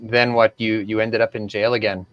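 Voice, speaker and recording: A man's voice: on the low side, little pitch movement, a little fast, clean tone, dull audio. A man hosting a live-streamed podcast interview, easygoing, reading out viewer comments. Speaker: podcast host.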